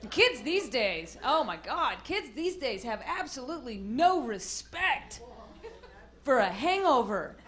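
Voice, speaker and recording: A woman doing a stand-up comedy set on a club stage, bursting into loud acted-out voices and shouts. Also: fairly high pitch, very animated, slow. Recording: live club with noisy crowd.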